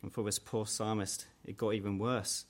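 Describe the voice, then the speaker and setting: A man with a low voice preaches an earnest sermon. He speaks steadily and with conviction, lifting his voice higher and louder whenever he voices the challenges he quotes. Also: level tone, moderate pace. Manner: earnest, rises in pitch and force when quoting mockers.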